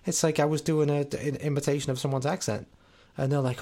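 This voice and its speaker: A man's voice: a little high, fast, warm tone. A man from abroad co-hosting a music radio show, chatting loosely and swearing freely. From another country. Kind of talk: casual chat.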